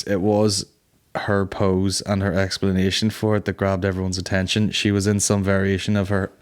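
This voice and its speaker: A man in his thirties hosting a comedy podcast, talking in a loose, rambling monologue. His voice sits on the lower side, and he swears constantly and laughs at his own jokes. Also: clean tone. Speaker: podcast host.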